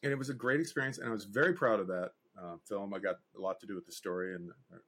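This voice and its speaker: A man's voice: lowish voice, fast. A man, a guest animator and director, telling stories in a casual interview and acting out the voices of the people he quotes. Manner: animated anecdote teller, acts out quoted voices.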